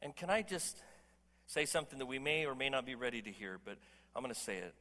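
Male pastor, sermon delivery, bright and forceful, joking with the room, long hall reverb. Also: medium pitch, lively intonation, fast. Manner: emphatic, conversational, jokes with the congregation. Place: church hall.

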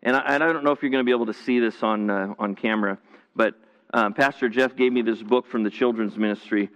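This pastor talks fast in a lowish, fairly bright voice with fairly flat intonation, streaming his sermon from a big church to home viewers. The recording is dull and roomy, and he speaks earnestly and conversationally, frequently restarting and repeating himself.

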